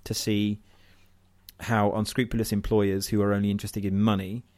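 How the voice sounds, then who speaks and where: Man from southern england, lowish voice, wry casual podcast chat, ranty. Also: level tone, normal speed, a little mellow. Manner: wry, ranting, self-deprecating. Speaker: podcast co-host.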